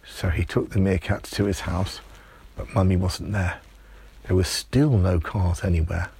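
A man telling an improvised bedtime story in a lively, playful way. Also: low-pitched, a little slow, gravelly, husky.

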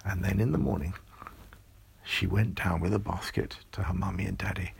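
Storyteller for bedtime, very low, gravelly and breathy, hushed delivery. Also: male voice, fairly even intonation, moderate pace, slight background noise. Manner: soft, hushed, lulling. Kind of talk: bedtime story, often whispered.

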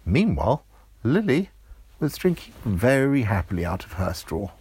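A man's voice: fairly low pitch, very animated, normal speed, darkish tone, husky. A man narrating an improvised children's story, playful and building suspense.

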